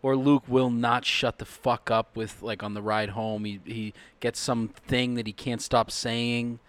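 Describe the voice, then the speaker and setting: A man's voice: mid-range voice, level tone, a little slow. A man in a band, telling rambling jokey stories with plenty of swearing in casual banter. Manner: joking, swearing, rambling storyteller. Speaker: band member.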